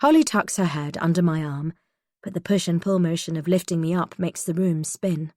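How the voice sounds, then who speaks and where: A woman reading a first-person thriller audiobook in a tense, measured way. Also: fairly low pitch, darkish tone, no room sound, clean studio sound. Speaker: audiobook narrator.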